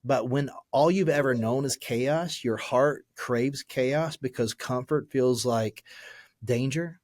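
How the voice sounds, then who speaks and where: A man in his forties, a pastor and podcast guest, telling his personal story in an earnest, halting way with many fillers and restarts. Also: medium pitch, a little mellow, no room sound, studio quality. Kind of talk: candid personal testimony in a podcast interview.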